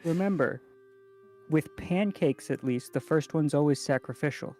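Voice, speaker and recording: A man's voice: a little high, moderate pace, a little mellow, soft background music. A man playing in a tabletop game, talking casually and hesitantly with many fillers. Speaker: player.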